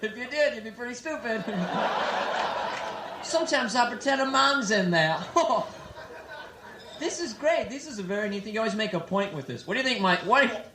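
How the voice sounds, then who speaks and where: Young man, stand-up comic, high voice, playful crowd teasing, echoey nightclub. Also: lively intonation, moderate pace, long pauses. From San Francisco, USA. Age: 20s. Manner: teasing, playful banter with the audience. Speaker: stand-up comedian. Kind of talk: stand-up comedy with crowd work. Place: nightclub with live audience. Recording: echoey club, loud crowd and noise.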